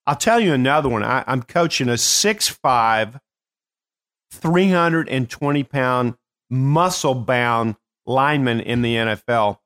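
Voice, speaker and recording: An older man hosting a show as a coach, telling stories in a casual, animated way with bursts of laughter. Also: medium pitch, a little slow. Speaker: host and performance coach. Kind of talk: casual storytelling.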